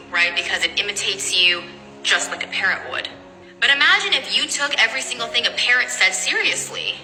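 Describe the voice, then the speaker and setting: Bright-voiced woman giving a motivational speech. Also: mid-range voice. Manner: emphatic, direct, preachy. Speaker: motivational speaker. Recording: reverberant hall, soft music.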